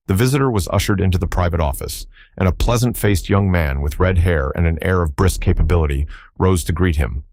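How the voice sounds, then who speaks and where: A man narrating an audiobook in a measured, wry storytelling manner. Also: sits low, a little mellow, dry recording, clean studio sound. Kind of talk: scripted narration.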